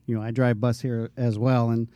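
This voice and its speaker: A man's voice: mid-range voice, little pitch movement, fairly quick, mellow, no echo, highs cut off. A man co-hosting a casual podcast, talking in a rambling way with many fillers. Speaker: podcast co-host, bus driver.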